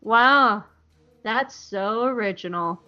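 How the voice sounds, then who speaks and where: A woman's voice: fairly high pitch, slow pace, pushed and bright, lo-fi sound. A woman voicing a loyal young male soldier who talks in a sarcastic, indignant way.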